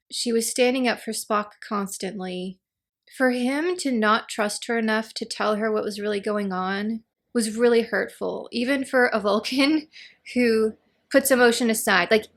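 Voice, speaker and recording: A woman giving a casual, animated spoken review of a TV episode, acting out the characters' lines as she retells scenes. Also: a little high.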